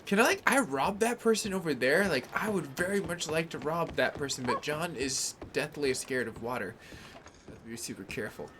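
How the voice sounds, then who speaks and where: A man's voice: on the high side, animated, a little fast, noisy background. A man streaming a video game live, chatting casually and greeting viewers by name in laid-back slang.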